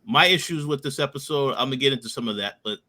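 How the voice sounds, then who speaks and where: Bright-voiced man laying out his points. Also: medium pitch, expressive. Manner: deliberate, lays out points in order. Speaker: podcast co-host. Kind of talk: casual review chat.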